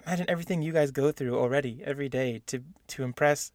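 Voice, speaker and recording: A man's voice: mid-range voice, fast talker, a little mellow, no room sound, clean studio sound. A man co-hosting a casual podcast chat, talking loosely with frequent restarts and easy laughter. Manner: chatty, laughs often, many restarts. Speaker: podcast co-host.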